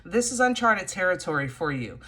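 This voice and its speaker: Forceful-voiced woman giving a tarot reading. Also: lowish voice, big pitch swings, a little fast, slight background noise. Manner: chatty, colloquial, addresses viewers directly with frequent "you know". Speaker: tarot reader. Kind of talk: casual tarot reading to camera.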